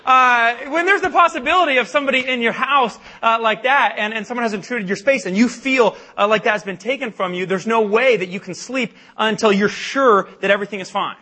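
Young male speaker for a campus ministry talk; high, bright voice, self-deprecating, animated, filler-heavy storytelling. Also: fairly quick, few pauses. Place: church meeting hall.

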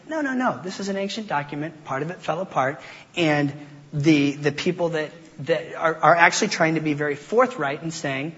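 A man gives a sermon in a casual, talky way and often restarts his sentences. His voice sits a bit high for a man. The sound is muffled and rings with a long hall reverb. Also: moderate pace. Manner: conversational, with stammered restarts and informal asides. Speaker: preacher.

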